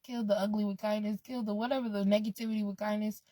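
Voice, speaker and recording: A woman's voice: mid-range voice, level tone, fast talker, mellow, dry recording. A woman vlogging in a casual, rambling way, laid-back, swearing freely and drifting off on tangents. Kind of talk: casual rambling vlog talk.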